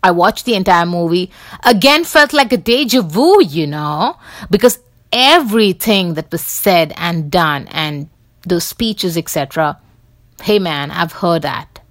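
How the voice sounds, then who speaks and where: A woman's voice: lowish voice, expressive, a little slow, no room sound, clean studio sound. A woman hosting a casual commentary show, rambling with many fillers and restarts. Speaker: podcast host.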